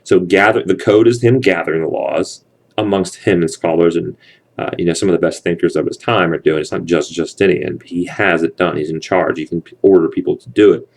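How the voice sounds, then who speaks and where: Deep-voiced man teaching history. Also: steady tone, brisk, vocal fry. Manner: explains step by step, often checks in with "okay?". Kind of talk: classroom lecture.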